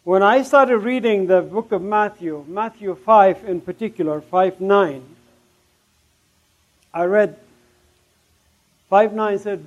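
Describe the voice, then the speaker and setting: A middle-aged man from Palestine giving an emotional testimony sermon, his voice surging loud on key words. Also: high-pitched, slow pace, pauses often, lo-fi sound.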